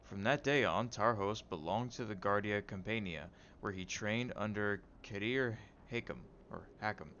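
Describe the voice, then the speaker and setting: A man's voice: fairly low pitch, moderate pace, hardly any pauses, a bit bright, highs cut off, slight background noise. A man streaming a game who reads its lore aloud, stumbling over names and breaking off for wry joking asides.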